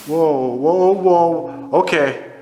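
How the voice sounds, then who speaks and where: A man investigating a building, talking slowly and calling out to whoever might be there. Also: on the high side, dark tone. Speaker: paranormal investigator. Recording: echoey hall, noisy handheld camera audio.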